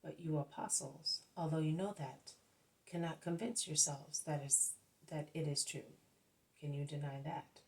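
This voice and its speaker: A woman voicing a gentle male spiritual teacher who explains in a measured, patient way. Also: low-pitched, steady tone, low-quality recording. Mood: calm.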